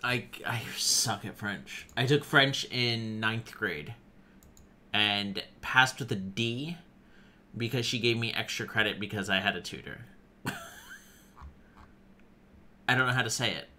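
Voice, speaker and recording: Bright-voiced streamer man chatting casually. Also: on the low side, unhurried, long pauses. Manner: chatty, swears freely, reads game notes aloud. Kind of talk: casual live-stream commentary.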